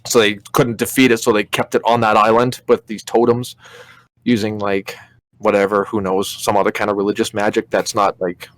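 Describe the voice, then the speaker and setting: A man's voice: on the low side, level tone, moderate pace, no room sound. A young man co-hosting a podcast, rambling through stories with plenty of swearing. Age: young adult. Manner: rambling, profane storytelling. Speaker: podcast co-host. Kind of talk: casual chat.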